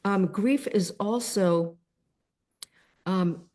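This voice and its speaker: Gentle older woman teaching on a call. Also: mid-range voice, extremely slow. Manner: gentle, thoughtful, speaks directly to viewers. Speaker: host. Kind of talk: reflective teaching talk on a video call. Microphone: video call.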